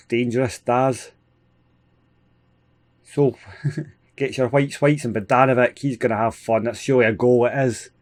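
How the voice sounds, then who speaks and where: A Scottish man hosting a gaming video, giving casual, excitable play-by-play with frequent chuckles. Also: mid-range voice. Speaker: gaming channel host. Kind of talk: casual let's-play commentary.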